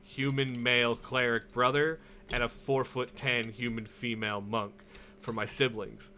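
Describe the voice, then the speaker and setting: Young male co-host, bright forceful voice, animated and profane, faint background noise. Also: medium pitch, unhurried. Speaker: podcast co-host. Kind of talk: casual gaming podcast chat.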